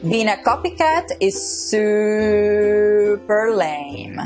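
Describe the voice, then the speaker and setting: Woman giving video tips over music. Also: a little high. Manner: playful, upbeat. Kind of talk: casual tips to camera.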